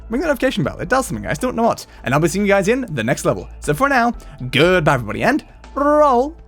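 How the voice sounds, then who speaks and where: Male gaming host, playful, rambling, a bit high-pitched, faint music. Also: huge pitch swings, rapid-fire, fairly bright tone. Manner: playful, giggly, rambling with fillers. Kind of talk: casual gameplay commentary.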